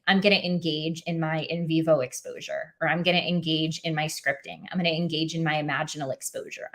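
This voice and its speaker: A woman with a lilt talks straight to her live-stream audience in an earnest, encouraging way, often pausing on "um" and restarting her sentences. Her voice sits a little low for a woman. She sounds like she is on a webcam or phone mic. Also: pushed and bright. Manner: earnest, encouraging, speaks directly to viewers; frequent "um" fillers, restarts. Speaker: OCD advocate hosting a live Q&A.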